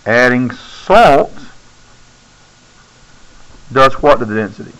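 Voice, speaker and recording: A man's voice: mid-range voice, expressive, slow pace, fairly bright tone, clear, resonant tone, low-quality recording. A male science teacher lecturing a classroom, keeps checking in with "okay?" and coaxing students to speak up.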